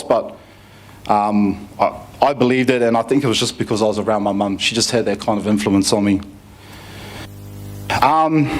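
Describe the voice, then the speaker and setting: A man tells his own life story to a conference audience. His delivery is easygoing and full of fillers and restarts, at a mid-range pitch for a man. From New Zealand. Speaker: conference speaker giving a testimony. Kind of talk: personal testimony story.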